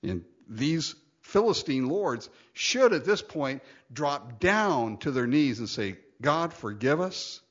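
Male pastor, expressive teaching voice that jumps high and drops low, slightly muffled lo-fi sound. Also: takes it slowly, hardly any pauses. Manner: animated, laughing often, acting out quotes. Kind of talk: sermon.

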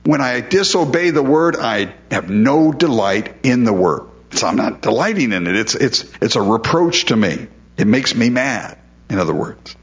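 A man's voice: medium pitch, sing-song, normal speed, lo-fi sound. A male pastor preaching a sermon in a conversational way, often repeating words as he stresses a point.

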